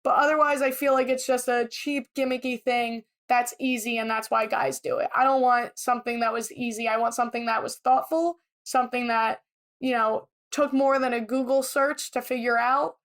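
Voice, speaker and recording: A high-pitched woman co-hosting a podcast in easy, casual chat. She is opinionated and chatty, laying out her views with confidence. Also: steady tone, moderate pace, fairly bright tone. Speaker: podcast co-host.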